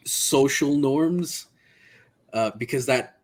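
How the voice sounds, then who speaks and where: A man's voice: mid-range voice, darkish tone. A man takes his turn as a player in a tabletop role-playing game, speaking mostly in his character's voice. He talks close to the mic, with frequent fillers and restarts as he works out what to say. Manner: hesitant, many fillers and restarts.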